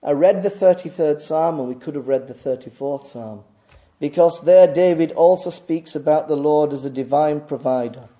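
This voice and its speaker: A man preaching a sermon, swinging between loud emphatic declarations and quieter reflective passages. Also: a little high, normal speed. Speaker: pastor.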